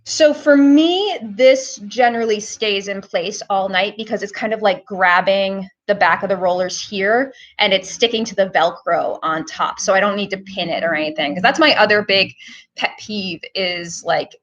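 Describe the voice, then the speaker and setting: A woman's voice: medium pitch, moderate pace, a bit bright. Woman streamer, chatty tutorial host, talks straight to viewers, a bit dull lo-fi sound. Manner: chatty, filler-heavy, talks to viewers as "guys". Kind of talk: casual live-stream hair tutorial.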